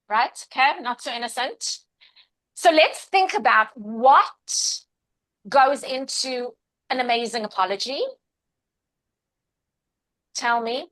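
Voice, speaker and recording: A woman's voice: on the high side, takes it slowly, pauses often, a bit bright, poor audio. A woman in her forties teaching an interactive class, upbeat and encouraging, calling on participants by name.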